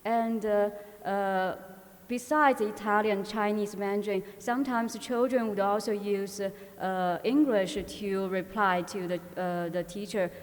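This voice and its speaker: Woman, conference presenter, mid-pitched, halting delivery full of fillers, long hall reverb. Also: steady tone. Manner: halting, frequent filler pauses and restarts. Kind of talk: academic conference talk.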